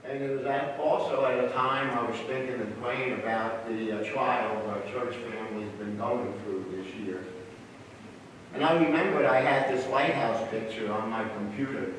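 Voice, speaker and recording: A man, a church elder, preaching a sermon in a folksy, gently humorous way, sharing stories. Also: medium pitch, moderate pace, slight background noise. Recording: roomy church hall, distant mic.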